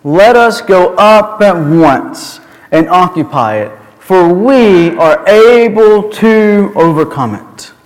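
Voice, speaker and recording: Caleb, a man doing a hushing, calm leader. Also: high voice, slow. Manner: hushed, soothing. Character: calm, confident male leader hushing a crowd. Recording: long hall reverb.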